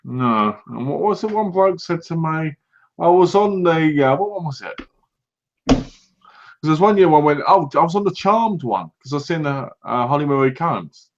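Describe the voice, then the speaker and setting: A British man co-hosting a casual podcast, telling lively anecdotes and acting out what other people said. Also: on the high side, normal speed. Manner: animated anecdotes, acts out other people's lines. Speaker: podcast co-host. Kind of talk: casual chat, storytelling. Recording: dull lo-fi recording.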